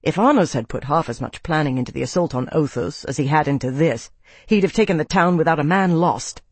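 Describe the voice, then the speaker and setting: A man's voice: a little high, brisk, husky, no echo. Man voicing a grim young army captain.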